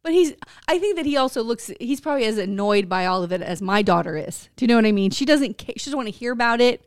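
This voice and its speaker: A woman in her forties co-hosting a podcast in casual chat, animated and laughing often, with free swearing. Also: on the high side, fast, no echo, studio quality. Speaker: podcast co-host.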